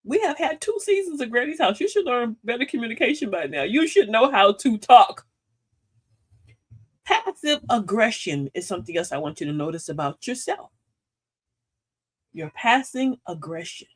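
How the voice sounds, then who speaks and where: Lively older woman hosting a talk. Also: fairly high pitch, normal speed. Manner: animated, preachy, playful with slang. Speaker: host of a live talk show. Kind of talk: motivational live-stream talk.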